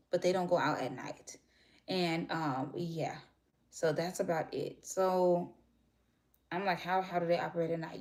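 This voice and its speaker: A young woman talks to her viewers in a loose, rambling way. Her voice sits a little low for a woman. She jumps between thoughts, restarts, and drops her voice now and then. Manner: chatty, rambling, animated storytelling. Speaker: vlogger. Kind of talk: casual chat to viewers.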